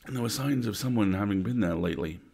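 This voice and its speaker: A man livestreams a bedtime story, reading a classic tale aloud in a measured, atmospheric way. His voice is very low and gravelly, with a husky, breathy grain and a darkish tone.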